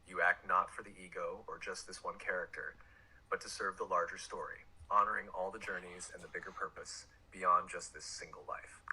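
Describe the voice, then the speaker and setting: Deep, bright-toned calm male voice. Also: a little fast, husky, low-quality recording. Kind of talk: calm spiritual explanation.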